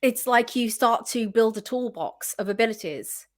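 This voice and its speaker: A woman with a fairly high-pitched voice, speaking at a moderate pace, appears as a guest on an interview show. Working as a spiritual coach, she offers earnest, encouraging tips in a casual chat.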